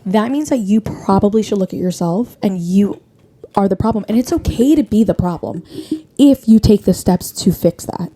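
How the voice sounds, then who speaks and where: A woman's voice: medium pitch, lively intonation, normal speed, dark tone, a little hiss or hum. A woman co-hosting a casual podcast, talking bluntly and rambling, with a slight lisp from being tongue-tied. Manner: blunt, rambling, self-interrupting. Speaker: podcast co-host. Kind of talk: casual chat.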